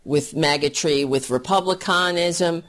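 A woman's voice: low voice, measured pace, a bit bright. A woman giving casual political commentary in an angry, profane, scornful rant.

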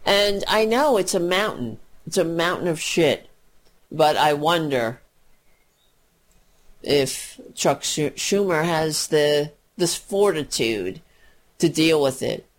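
A woman's voice: expressive, slow pace. A woman giving a heated, profane political rant, full of sarcasm and mocking asides. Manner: mocking voices with pitch jumps.

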